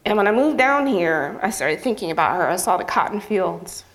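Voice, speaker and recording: Woman lecturer, emotional, earnest, slightly nervous, middle pitch. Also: animated, normal speed. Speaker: journalism professor presenting her project. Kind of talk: public presentation. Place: campus event venue.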